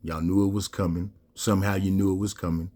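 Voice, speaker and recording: Low deep guy ranting about loss, slangy, asks the crowd questions, middle-aged, kinda choked up. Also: little pitch movement, fast talker, dark tone. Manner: preachy, rhetorical questions, slangy. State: emotional, near tears. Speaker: host. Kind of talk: monologue to camera.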